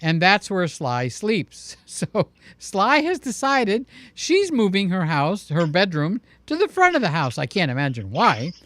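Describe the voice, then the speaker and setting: Chatty high-voiced man hosting live. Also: huge pitch swings, a little slow, fairly bright tone, no room sound. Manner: chatty, jokey, acts out voices in stories. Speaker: livestream host. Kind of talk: casual live-stream chat.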